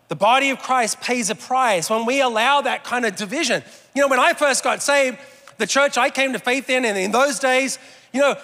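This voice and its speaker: A man delivers a sermon from the pulpit in a notably high, bright voice. He keeps it conversational, often turning the humor on himself. The sound carries a long reverb from a large church auditorium. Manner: conversational, self-deprecating humor. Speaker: pastor.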